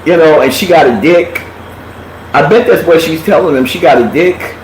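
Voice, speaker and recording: A man's voice: a little high, moderate pace. A man telling blunt, profane gossip stories in a casual live chat, talking animatedly. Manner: blunt, animated storytelling with lots of cursing. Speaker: live chat show host. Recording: echoey room, faint background hiss.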